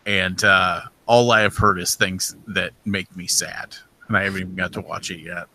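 A man's voice: low voice, steady tone, normal speed, bright, forceful tone, low-quality recording. A man co-hosting a podcast, talking bluntly and casually with plenty of swearing. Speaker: podcast co-host. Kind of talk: casual chat.

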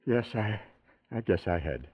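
In another tinny old broadcast, the actor again plays the pious, genteel, earnest owner of a charity house in 1940s radio fashion. Here his voice is lowish and slightly rough, a little slow, with lively intonation.

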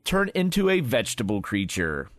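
A man's voice: medium pitch, normal speed, dry recording. A man co-hosting a casual chat about a tabletop monster, explaining its rules and stats. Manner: explanatory, lively, reading out game stats. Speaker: co-host of a tabletop game podcast.

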